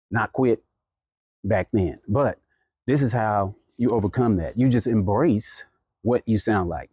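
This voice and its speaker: Speaking to camera with a fairly low, mellow voice, a man who makes podcasts shares sincere words of encouragement, often restarting sentences and leaning on fillers. The motivational talk is casual, and the audio has no echo.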